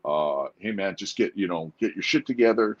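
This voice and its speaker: A man talking candidly as a guest in an interview, earnest and halting, often restarting his sentences. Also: deep voice, lively intonation, dull audio. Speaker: podcast guest.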